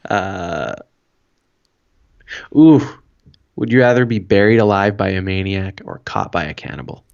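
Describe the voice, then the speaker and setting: Low-voiced, deadpan Canadian man. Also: unhurried, creaky. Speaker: podcast co-host. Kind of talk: casual podcast chat. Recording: dull lo-fi audio.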